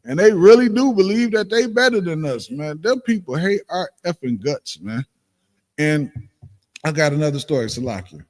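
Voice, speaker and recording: A man with a Detroit accent preaching and storytelling off the cuff, slipping into lively acted-out exchanges. His voice sits a little high and swings widely in pitch. It rings with a long echoey reverb. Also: moderate pace. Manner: animated, acts out quoted exchanges, laughs often. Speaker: speaker in a livestreamed religious class.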